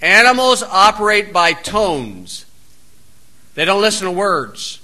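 A man's voice: sits high, very animated, takes it slowly, pushed and bright. A male preacher delivering a blunt, plain-spoken, scolding sermon.

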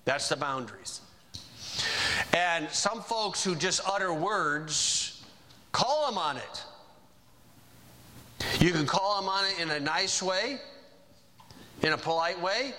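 A male preacher delivers a sermon in a folksy, chatty manner. His voice sits a little high and rings bright and forceful. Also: animated, takes it slowly, long pauses. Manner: folksy, conversational preaching with asides.

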